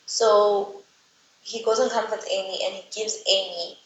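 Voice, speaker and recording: A woman's voice: mid-range voice, fairly even intonation, a little slow, a little hiss or hum. A woman casually recapping a book's plot and ranting about the characters, speaking chattily with lots of "like" and exasperated asides. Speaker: book reviewer. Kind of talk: casual book recap and rant. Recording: roomy, slightly dull recording.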